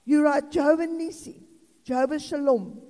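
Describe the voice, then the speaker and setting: A woman's voice: sits high, moderate pace, dark tone. A South African woman in her sixties preaching an informal sermon in a chatty, rambling way with laughing asides. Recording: long reverb of a hall.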